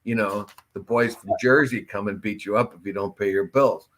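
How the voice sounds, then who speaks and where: Male talk co-host, somewhat low voice, rambling storyteller, casual chat. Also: steady tone, normal speed. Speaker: co-host of a local talk show.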